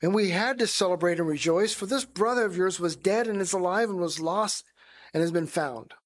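Man voicing a gentle pleading father. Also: high voice, a little fast. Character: loving forgiving father, older man.

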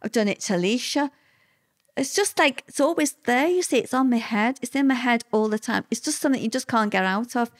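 An older woman, a guest recalling hard times in a halting, emotional way with many fillers. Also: on the high side, expressive. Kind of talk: personal interview recollection.

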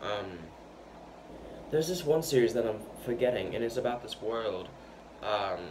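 A man with a fairly low voice talks casually to his viewers. He stutters and repeats words as he rambles, with fillers and restarts between his thoughts. Steady background noise hisses under the recording. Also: a little slow. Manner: loose, chatty, full of fillers and restarts. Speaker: vlogger. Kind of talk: casual rambling talk to camera. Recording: noisy background hiss.

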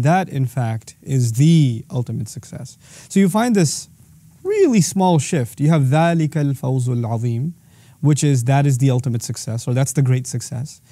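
A man's voice: mid-range voice, mellow, no echo, clean studio sound. A man teaching a religious lesson, quoting verses in Arabic and then explaining them patiently. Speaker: Islamic teacher.

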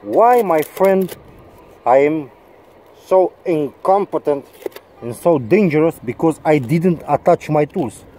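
A man's voice: fairly high pitch, slow pace, mellow. A man, an English speaker ranting in a mocking, sarcastic vlog and swearing often. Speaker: vlogger.

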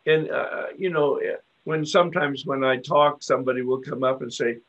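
A man facilitating a recovery workshop, teaching in an unhurried, reflective way and often affirming with a soft "yeah.". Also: medium pitch, fairly even intonation, muffled recording.

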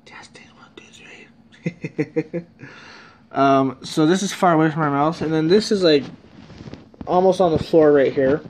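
A young man with a slightly high voice talks through a microphone test in a casual, meandering way. He fills his speech with fillers and small nervous laughs, speaking at home into a cheap karaoke mic plugged into his phone. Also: normal speed, a little mellow, slight background noise. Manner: rambling and self-conscious, with frequent fillers and small laughs. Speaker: vlogger. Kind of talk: casual vlog, testing a microphone. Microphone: cheap karaoke microphone plugged into a cell phone.

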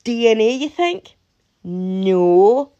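A Scottish woman talks straight to her viewers in an easy, unhurried way. Her voice sits a little high, and she keeps breaking into laughter and disbelieving asides. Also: big pitch swings, warm tone, highs cut off. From Scotland. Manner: chatty, laughs often, incredulous asides. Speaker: vlogger. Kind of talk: casual chat to camera.

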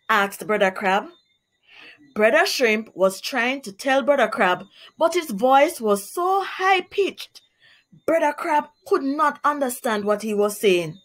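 A woman teacher reads a storybook aloud to young children. Her voice sits a little high and rises and falls a lot. She takes her time, speaking slowly. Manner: slow, expressive storytelling.

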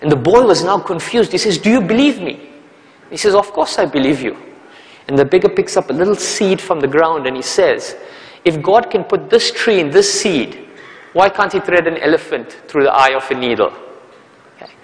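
A man with a slightly high voice gives a motivational talk, recorded with a long hall reverb. He tells stories in an animated way, acting out each character, and keeps checking in with "okay?" and "right?". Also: moderate pace. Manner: animated storyteller, acts out characters' lines; repeats words for emphasis, asks "okay?" and "right?". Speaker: performance coach giving a talk.

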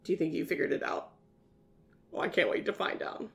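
A woman's voice: on the low side, fairly even intonation, brisk, gravelly. A woman teaching a virtual preschool science lesson, asking young children lots of questions and praising their answers in a sing-song teacher manner.

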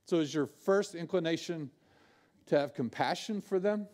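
A male pastor preaching a sermon, swinging from loud bursts to hushed, low asides. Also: normal speed.

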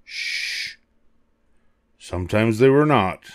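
An older man reading a children's picture book aloud, expressive and animated. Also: fairly low pitch, slow, dry recording, studio quality. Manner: expressive, animated voices for characters. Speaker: storybook reader.

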